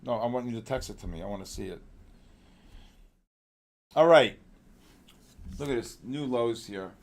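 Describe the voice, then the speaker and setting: A man hosting a live trading stream, talking excitedly with chat viewers by name and pushing them on their trades. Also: medium pitch, moderate pace. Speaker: trading show host.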